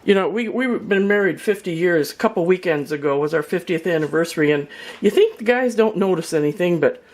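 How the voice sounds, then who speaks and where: A woman's voice: on the low side, lively intonation, brisk, a little mellow. An older woman giving a chatty, folksy cooking demonstration in her home kitchen, with storytelling asides. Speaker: home cook.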